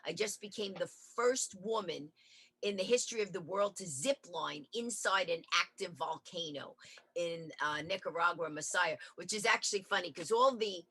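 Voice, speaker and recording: A woman, a guest on an interview show, tells lively, animated anecdotes over a remote call. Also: lowish voice, moderate pace, slightly rough. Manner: animated, acts out quoted voices.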